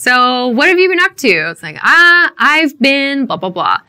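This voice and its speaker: A woman teaching everyday English phrases, repeating each one slowly and clearly for learners. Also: sits high, very animated, a crowd in the background. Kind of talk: scripted English lesson.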